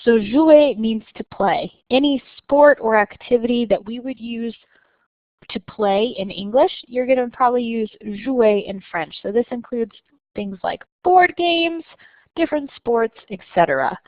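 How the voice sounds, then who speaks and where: A woman teacher explaining a lesson patiently and clearly, slowing down to stress each example. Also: fairly high pitch, lively intonation, no room sound, lo-fi sound. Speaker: French teacher. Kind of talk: recorded lesson narration.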